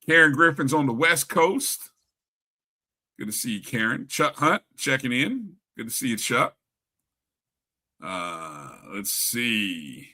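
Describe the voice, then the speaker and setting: A man's voice: medium pitch, very animated, takes it slowly, long pauses. A man co-hosting a casual live sports talk stream, greeting viewers in the chat one by one. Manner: shouting out chat viewers by name, upbeat and chatty. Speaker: sports talk show co-host.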